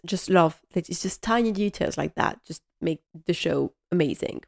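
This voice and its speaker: A woman's voice: on the low side, normal speed, vocal fry, hardly any pauses. A woman host chatting casually and enthusiastically through a TV episode recap, rambling with many fillers. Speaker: podcast host.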